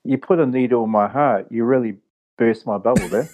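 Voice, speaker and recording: A man's voice: medium pitch, brisk, a little mellow. A man with an accent that sounds a bit British, a guest on a podcast, talking hesitantly with many ums and restarts. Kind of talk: casual podcast chat.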